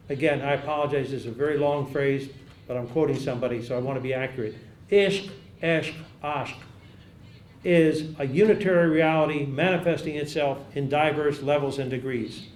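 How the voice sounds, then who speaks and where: A man delivers a measured academic lecture, pausing to repeat key phrases and quoting sources with care. His voice sits a little high. The sound carries the echo of a large lecture hall. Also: darkish tone, a little hiss or hum. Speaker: academic speaker. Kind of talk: conference lecture.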